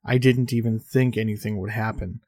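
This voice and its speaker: A man reading the lines of a weary, guilt-ridden older brother of about thirty, who speaks quietly and apologetically and swears now and then. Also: lowish voice, steady tone, normal speed, no room sound, lightly acted. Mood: regretful.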